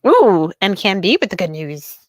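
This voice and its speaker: A young adult woman streaming live, chatting casually and excitedly with her viewers and reading their messages aloud. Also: mid-range voice, normal speed, no room sound. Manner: bubbly, excitable, reads chat aloud.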